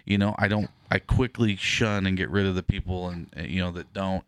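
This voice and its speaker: A man's voice: low-pitched, fairly even intonation, a little fast, fairly bright tone, no echo. A man hosting a podcast, talking casually and rambling through stories, swearing now and then. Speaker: podcast host.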